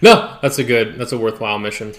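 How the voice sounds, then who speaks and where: A man's voice: medium pitch, fast, fairly bright tone. A man hosting a casual podcast interview, talking loosely and meandering as he thinks aloud. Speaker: podcast host.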